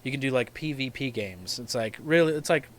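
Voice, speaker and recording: A man's voice: mid-range voice, fairly quick. A young man in casual podcast chat, telling rambling, profane gaming stories. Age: young adult. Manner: rambling, profane, animated storyteller. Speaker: podcast host.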